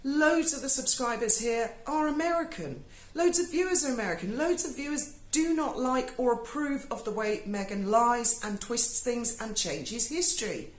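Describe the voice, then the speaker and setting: A woman's voice: a little high, expressive, moderate pace, reverberant, low-quality recording. A British woman, giving a sarcastic, sweary video review monologue. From Britain. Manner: sarcastic, swears freely, mocking asides. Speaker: YouTuber. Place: home in Spain.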